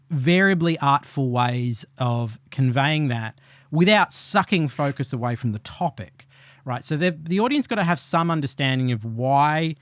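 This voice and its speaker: A man, a podcast guest, talking in an animated, self-deprecating way with quick asides. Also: medium pitch, dry recording. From Australia. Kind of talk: conversational interview. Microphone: remote call.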